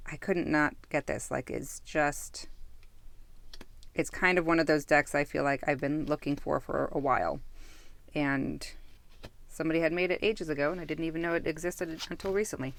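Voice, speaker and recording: A woman with a deep, creaky voice reviews a tarot deck in a casual, musing way, recorded without echo. She keeps drifting off topic, breaking into her own sentences and correcting herself.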